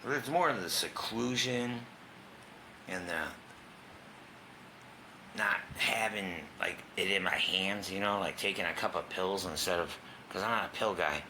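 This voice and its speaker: A man's voice: low voice, unhurried, long pauses, bright, forceful tone, slight background noise. A man candidly telling his own story in a casual, profane way, sometimes dropping to a whisper. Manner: casual, profane, drops to a whisper at tense moments. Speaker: guest sharing his recovery story.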